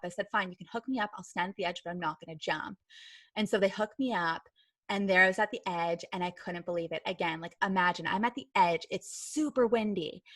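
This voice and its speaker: Woman, podcast guest, chatty storyteller, lots of filler words, mid pitch, dry recording. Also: fairly bright tone, no echo. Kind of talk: storytelling in a casual interview.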